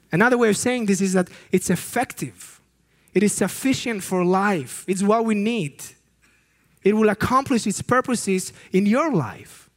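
A youth ministry director delivers a sermon, his man's voice sitting high, earnest and emphatic, though he occasionally slips and restarts.

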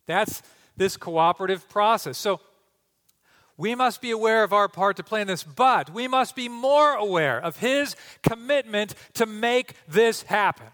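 A man preaching a teaching sermon, asking rhetorical questions and at times slowing to a hushed, deliberate delivery. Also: sits high, expressive, big-room sound. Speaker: pastor.

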